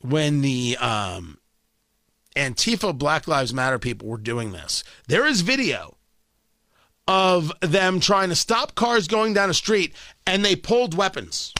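This talk radio host from Indianapolis has a somewhat high voice with big pitch swings, speaking slowly in a pushed, bright tone. His monologue is emphatic and sarcastic, repeating phrases for punch. The studio mic captures no room sound.

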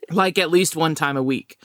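A man co-hosting a podcast in casual chat, laughing often and talking in an animated way. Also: on the high side, no room sound, studio quality. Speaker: podcast co-host.

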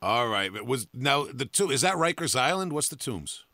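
A man's voice: mid-range voice, very animated, moderate pace, bright, forceful tone, dry recording. A man hosting a podcast, asking laid-back questions with frequent restarts. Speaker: podcast host. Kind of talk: casual interview.

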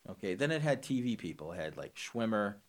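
A man co-hosting a casual movie chat, talking in halting bursts with many restarts and a wry edge. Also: lowish voice, sing-song. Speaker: podcast co-host.

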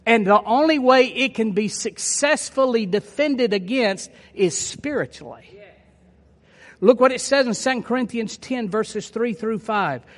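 A man's voice: extremely high pitch, animated, unhurried. A man preaching a sermon, emphatic and repeating his key phrases for effect. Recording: long hall reverb.

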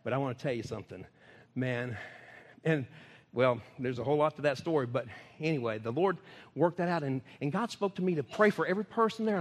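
A man's voice: a little high, a little fast. A man with a Texan accent, a preacher telling stories in a folksy, laughing sermon style. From Texas. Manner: folksy, laughing, animated storytelling. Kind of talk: sermon storytelling. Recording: echoey hall.

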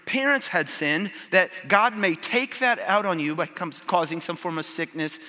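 A pastor delivers a sermon in a church with a bright, slightly high voice. He turns emphatic and then drops to a hush. Long reverb from a large hall trails his words. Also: moderate pace. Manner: emphatic, swings from loud to hushed.

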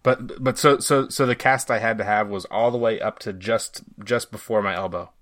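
A man guesting on a podcast who tells a story haltingly, repeating his words. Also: on the low side, fairly even intonation, fairly bright tone, no echo, clean studio sound. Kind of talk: casual chat.

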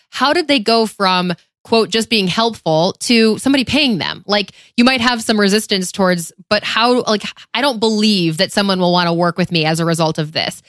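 A woman's voice: mid-range voice, fairly bright tone, no echo, clean studio sound. A woman co-hosting a casual podcast chat, speaking enthusiastically. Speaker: podcast co-host.

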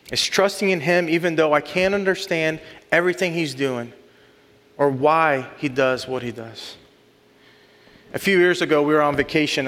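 Male preacher, earnest sermon delivery, slightly high voice, long hall echo. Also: a bit bright. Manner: earnest, builds to rising emphatic lists.

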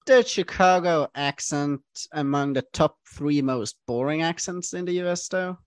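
A man's voice: a little high, a little slow, clear, resonant tone, no echo. A man hosts a podcast in a plain mid-range voice, matter-of-fact as he moves things along. The sound is close and dry. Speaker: podcast host. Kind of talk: casual chat.

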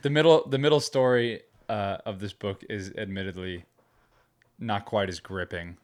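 A man hosting a casual podcast with a fairly low voice. He talks in a wry, joking way, teasing his co-hosts. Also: moderate pace. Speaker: podcast host. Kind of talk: casual chat.

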